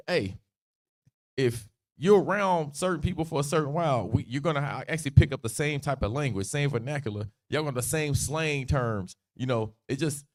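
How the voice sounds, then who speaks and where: A man teaching a Bible passage on a livestream, in a casual, slangy way, laughing easily and acting out the quotes. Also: medium pitch.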